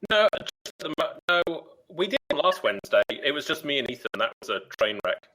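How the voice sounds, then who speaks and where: A man's voice: a little high, big pitch swings, fairly quick, pushed and bright, poor audio. A man guesting on a casual podcast chat, talking in a laid-back, self-deprecating way.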